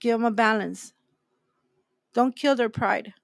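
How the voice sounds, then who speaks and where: A woman gives a faith talk in an emphatic, preaching style and drives her points home by repeating them. Her voice sits on the higher side, and the sound is close and dry with no room echo. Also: unhurried, gravelly. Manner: emphatic, repeats key phrases. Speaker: host.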